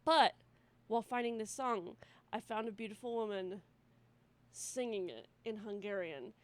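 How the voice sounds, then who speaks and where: A young woman co-hosting a casual podcast, telling stories in an animated way, with plenty of swearing and laughter. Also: medium pitch, moderate pace, no room sound. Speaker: podcast co-host. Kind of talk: casual chat.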